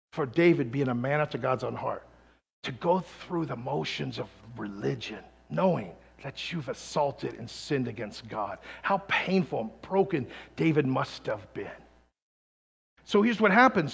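A man preaching a sermon, telling a story dramatically and swinging from loud calls to hushed tones. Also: fairly high pitch, very animated, moderate pace, creaky, breathy edge. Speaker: pastor. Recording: long hall reverb.

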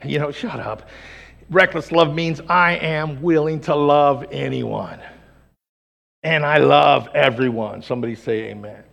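A man pastor preaching a sermon in a church, energetic and humorous, swinging between loud exclamations and hushed lines. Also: on the high side, creaky. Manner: humorous, acts out quick voices. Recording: long hall reverb in a church.

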